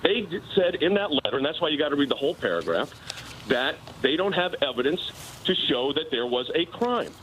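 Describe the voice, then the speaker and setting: A man's voice: a little high, sing-song, a little fast, fairly bright tone, a little hiss or hum, poor audio. A man, a personal attorney, arguing his case insistently in a live TV news interview. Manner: insistent, argumentative legal explanation.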